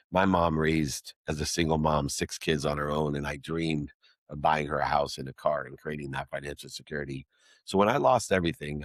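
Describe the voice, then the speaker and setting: A man's voice: extremely low pitch, no room sound, clean studio sound. A middle-aged man, a guest in an interview, telling a personal story with emphatic, rhythmic lists of alliterative words.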